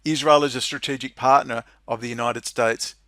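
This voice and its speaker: A man's voice: mid-range voice, steady tone, moderate pace, dry recording. Middle-aged Australian male commentator, sarcastic and scornful, dry close recording. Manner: sarcastic, mocking, swings into loud incredulous laughter. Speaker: political commentator. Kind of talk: monologue reading and commenting on legislation.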